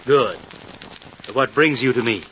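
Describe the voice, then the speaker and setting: An actor playing a greedy, sly village mayor obsessed with taxes, who speaks in a pompous, knowing, formal way in an old radio drama. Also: male voice, medium pitch, unhurried, a bit bright, a little hiss or hum, close to an everyday voice. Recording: dull lo-fi old radio recording.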